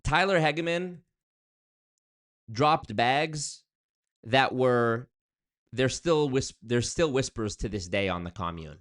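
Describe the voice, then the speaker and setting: A man in a mid-pitched voice runs a casual live stream, reading viewer comments aloud and riffing on them. His delivery is animated and jokey, jumping up high in pitch for excited shout-outs before settling back down to conversational commentary. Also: slow pace, long pauses.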